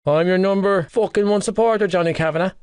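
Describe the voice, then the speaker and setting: A mischievous teenage schoolboy full of dramatic teasing, as a male audiobook reader puts him on. He talks in a higher, quicker voice than the narration, huffing and coaxing. The sound is dry and close. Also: darkish tone, smooth, no room sound, natural voice. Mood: exasperated. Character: cheeky teenage schoolboy best friend, male. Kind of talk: audiobook character voice.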